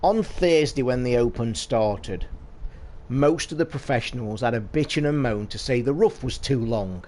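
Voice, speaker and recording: A man's voice: mid-range voice, normal speed, darkish tone, slight background noise. A British man hosting a casual livestream chat, telling a story in a blunt, sweary, opinionated way. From United Kingdom. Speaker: podcast host. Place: home streaming setup.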